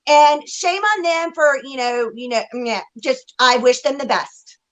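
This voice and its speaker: A woman's voice: high voice, measured pace, fairly bright tone, a little hiss or hum, rough recording. A woman co-hosting a psychic reading livestream, talking emotionally and directly to the chat viewers. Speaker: psychic reader and co-host.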